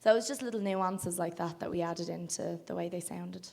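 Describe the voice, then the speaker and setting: A woman's voice: lowish voice, fairly even intonation, brisk, gravelly, darkish tone. A young woman from Ireland with a generic Dublin accent, chatting as a film actor guest at a casual festival panel, talking through plenty of ums and easy laughs. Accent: Irish, generic Dublin. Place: festival cafe stage.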